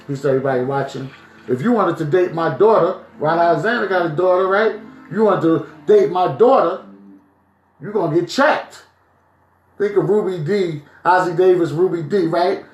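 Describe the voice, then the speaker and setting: A man's voice: fairly high pitch, highs cut off. A man from New Jersey livestreaming on a phone, talking in a preachy, emphatic way and often checking in with "right?". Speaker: vlogger. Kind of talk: live-streamed commentary. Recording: echoey room with faint music.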